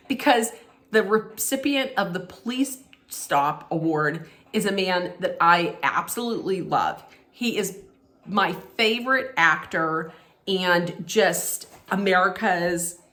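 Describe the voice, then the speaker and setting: A woman's voice: fairly low pitch, a bit bright. A woman vlogger handing out mock movie awards, talking casually and bluntly, often restarting and laughing. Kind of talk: casual opinionated vlog talk.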